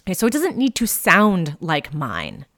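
A woman's voice: on the low side, wildly swooping pitch, moderate pace, fairly bright tone. A woman in her thirties, a coach talking casually and candidly on her podcast, with lots of fillers and the odd swear.

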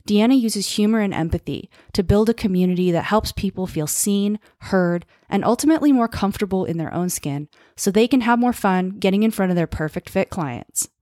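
A woman's voice: medium pitch, darkish tone, no room sound. Upbeat woman podcast host, dry sound. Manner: upbeat, reads a scripted intro then chats loosely. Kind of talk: podcast hosting.

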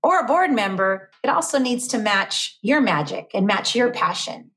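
A woman's voice: medium pitch, lively intonation, normal speed, a bit bright. A middle-aged woman, a school superintendent, answering interview questions in an earnest, emphatic way.

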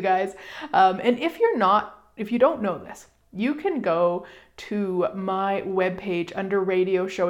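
A middle-aged woman hosting a casual self-help talk, chatty and animated, with fillers and emphatic asides. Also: mid-range voice. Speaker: podcast host.

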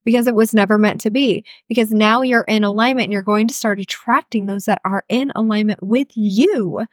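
A woman's voice: medium pitch, a little fast, no echo, studio quality. A woman in her thirties hosting a podcast as a healer coach, talking casually and frankly, cussing freely. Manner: chatty, frank, cusses freely. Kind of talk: casual solo podcast talk.

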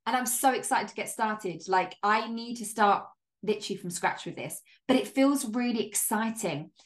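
A business coach hosts her own podcast solo, speaking at a moderate pace in a mid-range voice. She's upbeat and emphatic, swearing casually, laughing often and saying "like" a lot.

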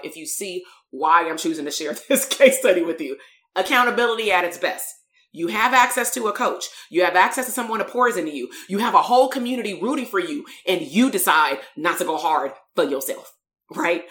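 A woman's voice: mid-range voice, fairly bright tone, reverberant. Blunt streetwise woman coach. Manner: blunt, streetwise, swears freely. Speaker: therapist and business coach. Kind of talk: candid storytelling to a live audience.

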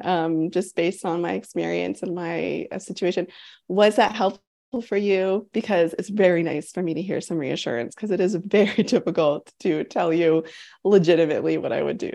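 A woman's voice: medium pitch, creaky. A woman coach in her thirties talking candidly to an online group, giggling often and speaking in a rush of feeling. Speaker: sex coach leading a group program. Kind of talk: casual talk to a live online group.

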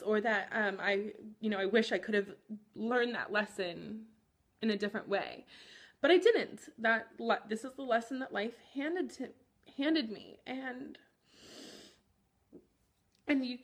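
A woman therapist in her thirties hosting a podcast, speaking gently and candidly about her own experience, with frequent pauses and "um" fillers. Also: fairly high pitch. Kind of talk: reflective personal talk.

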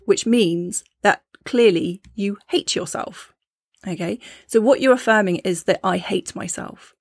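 A woman's voice: medium pitch, no echo, clean studio sound. A woman hosting a podcast, explaining her topic in a conversational teaching tone and often checking in with her listeners. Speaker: podcast host.

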